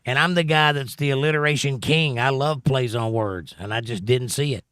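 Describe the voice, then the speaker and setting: Hosting a laid-back stream from home, this man reads out chat comments and riffs on them at a moderate pace. His mid-range voice is smooth and fairly bright, captured in clean studio sound with no room echo.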